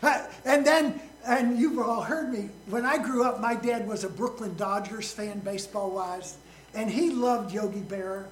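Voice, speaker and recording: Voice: mid-range voice, normal speed, reverberant, low-quality recording. A pastor preaching a sermon in a folksy, joking way, asking the congregation questions along the way.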